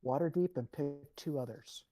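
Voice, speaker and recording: Very deep, mellow-voiced woman player. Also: normal speed, a little hiss or hum. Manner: casual, blunt, swears freely. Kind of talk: tabletop game play.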